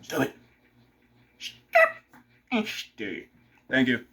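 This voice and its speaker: Rambling young man with a bright voice. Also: mid-range voice, expressive, normal speed. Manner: meandering, swears freely, chats to his dog. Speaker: vlogger. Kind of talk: rambling casual monologue.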